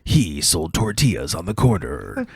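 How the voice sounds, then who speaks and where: A man putting on a dramatic movie-trailer narrator voice, slow and announcer-like. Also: deep voice, huge pitch swings, gravelly, a little mellow, slightly rough, no room sound, clean studio sound, full character voice.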